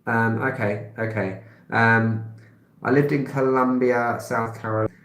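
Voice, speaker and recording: A man's voice: medium pitch, steady tone, a little slow, a bit bright. Chatty London man in an echoey room. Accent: London English. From England. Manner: rambling, with frequent filler sounds and small laughs. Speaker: travel vlogger. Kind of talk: casual live-stream chat answering comments. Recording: roomy echo.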